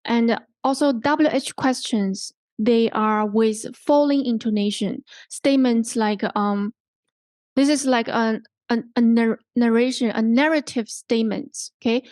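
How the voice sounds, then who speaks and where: A woman's voice: a little high, steady tone, measured pace, darkish tone, no room sound. Patient Hong Kong English woman teaching intonation. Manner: patient, repeats words, checks in with "okay?" and "right?". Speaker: language workshop instructor.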